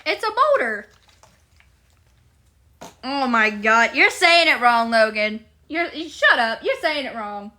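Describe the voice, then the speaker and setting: A woman's voice: a little high, very animated, a little slow, hardly any pauses, sharp tone. A woman live streaming, chatting casually with her viewers in a playful, giggly way.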